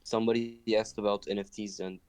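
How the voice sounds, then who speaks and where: A man's voice: lowish voice, flat delivery, quick pace, crowd noise. A man giving a short matter-of-fact opinion in a casual group discussion.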